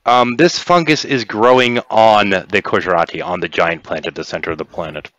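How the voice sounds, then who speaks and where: A man's voice: lowish voice, moderate pace, a bit bright, a little hiss or hum. A man narrating as game master of an online tabletop role-playing game. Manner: narrates, then voices characters in quotes.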